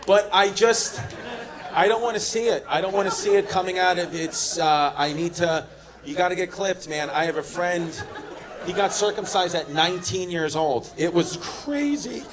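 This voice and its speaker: A man doing stand-up, brashly teasing audience members in rapid-fire crowd work. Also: high voice. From Queens, New York. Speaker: stand-up comedian. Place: comedy club stage. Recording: comedy club with loud laughing crowd.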